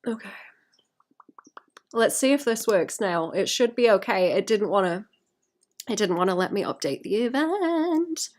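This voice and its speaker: A woman's voice: mid-range voice, expressive, unhurried, long pauses. A woman artist talking to her stream chat while painting, sweary and self-mocking, often muttering and whispering to herself. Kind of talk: live-stream chat with viewers.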